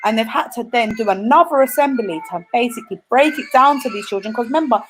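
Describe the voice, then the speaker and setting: A woman's voice: fairly high pitch, expressive, fast, a little hiss or hum, poor audio. A young woman, telling an earnest personal story in a casual discussion, correcting herself as she goes. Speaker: panel guest.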